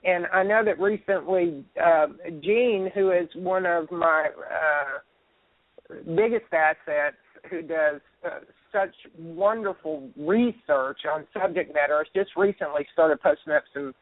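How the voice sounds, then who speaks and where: A woman's voice: sits low, takes it slowly, no room sound. A folksy, chatty woman hosting a call-in show who sounds worn out. Her voice is dry and close, squeezed into a narrow, phone-like band. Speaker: host.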